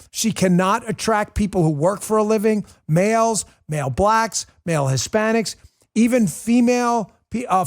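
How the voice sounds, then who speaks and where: A middle-aged male host with a high, emphatic voice tears into his target in a political commentary monologue. He is mocking and combative throughout, leaning hard on each jab. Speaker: political talk show host.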